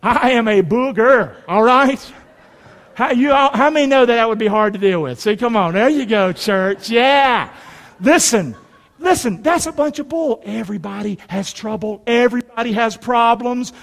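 High-voiced preaching man in a reverberant hall. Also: normal speed, fairly bright tone. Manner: call-and-response preaching, folksy and emphatic. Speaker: pastor. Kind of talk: sermon. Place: church sanctuary.

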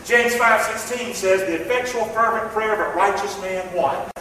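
Male preacher, high voice, emphatic sermon, far off in a reverberant church hall. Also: moderate pace. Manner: emphatic, calls to the congregation, swings loud and soft. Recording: echoey church hall from far off, faint ambience.

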